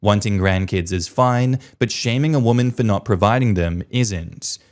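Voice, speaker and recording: A man's voice: on the low side, normal speed. Sarcastic man reacting to online posts. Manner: sarcastic, blunt commentary. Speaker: online commentator.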